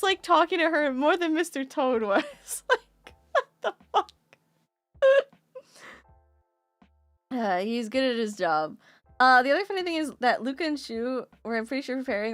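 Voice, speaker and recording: High-voiced laughing young woman streamer. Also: no room sound, clean studio sound. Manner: animated, laughs often, swears. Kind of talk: casual chat.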